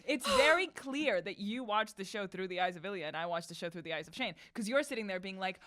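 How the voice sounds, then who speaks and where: A woman co-hosting a podcast in casual chat, expressive and quick with dramatic reactions. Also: mid-range voice, no room sound, studio quality. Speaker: podcast co-host.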